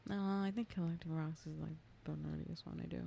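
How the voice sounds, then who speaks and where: Laid-back woman on a podcast, gravelly and lively, a bit of hiss behind her. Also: deep voice, fairly quick. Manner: wry, laid-back, swears casually. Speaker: podcast co-host. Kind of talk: casual chat.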